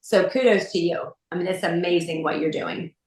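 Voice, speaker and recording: A woman's voice: on the low side, moderate pace, reverberant, low-quality recording. A middle-aged woman talking chattily as a podcast guest, full of "you know" and "like". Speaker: guest, mother. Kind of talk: heartfelt podcast interview.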